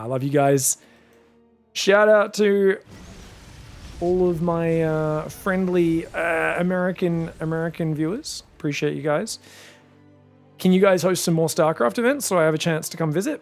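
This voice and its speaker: A man giving solo esports commentary in a chatty, joking way with excitable asides. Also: on the high side, unhurried, soft background music. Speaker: esports caster.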